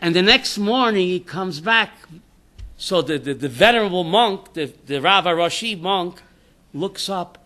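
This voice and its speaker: Rabbi leading a class. Man, high and bright, animated storyteller who acts out his jokes. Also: a little slow. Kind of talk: informal Torah class with jokes.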